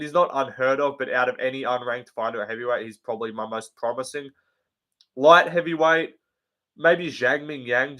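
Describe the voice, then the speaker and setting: A man's voice: medium pitch, bright, forceful tone. A man hosting a casual live show, answering viewer questions in a blunt, sweary and rambling way with many ums and likes. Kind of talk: casual livestream chat.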